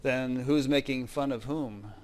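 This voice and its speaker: A man's voice: medium pitch, measured pace. A male interview host with a mid-range voice, speaking in a reflective, conversational way. He gives short affirmations while his guest talks. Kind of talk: casual spiritual conversation.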